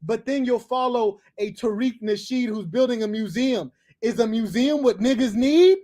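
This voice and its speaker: A man's voice: very high voice, normal speed, warm tone. A man hosting a live call-in stream, lecturing and mocking in a condescending, combative way. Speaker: livestream host taking callers.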